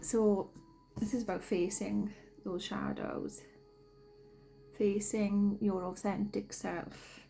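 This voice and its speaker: A woman giving gentle spiritual guidance, slow and often half-whispered, sniffly from a cold. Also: medium pitch, gravelly, rough recording. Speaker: spiritual card reader. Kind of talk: soft-spoken spiritual guidance.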